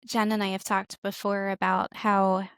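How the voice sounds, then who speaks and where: Woman co-host with a gravelly, even voice. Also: medium pitch, unhurried, no room sound. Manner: affirming, encouraging. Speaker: podcast co-host. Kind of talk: interview chat.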